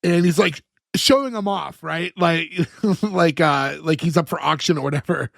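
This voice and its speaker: Clean, dry studio audio captures a man with a fairly high, creaky, slightly bright voice speaking at normal speed. He casually recaps a sitcom episode on a podcast as a talkative, loose storyteller, acting out quotes and using plenty of filler words.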